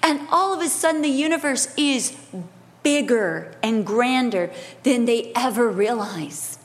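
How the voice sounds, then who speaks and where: A woman preacher delivering a sermon, expressive and emphatic, with humorous conversational asides. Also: high-pitched, unhurried. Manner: expressive, swings between emphatic and hushed delivery.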